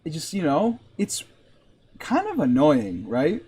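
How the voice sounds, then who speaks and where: Young guy from massachusetts streaming a game, slow rambly jokey chat, lots of likes and you knows. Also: fairly high pitch, wildly swooping pitch, a little mellow, breathy edge. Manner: rambling, joking, full of fillers. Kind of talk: casual chat while gaming.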